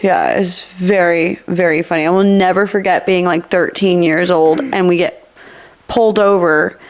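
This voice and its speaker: With a clean, lowish voice at normal speed, this young woman podcast host swaps stories in a relaxed conversation. She tells them with animation and laughs frequently.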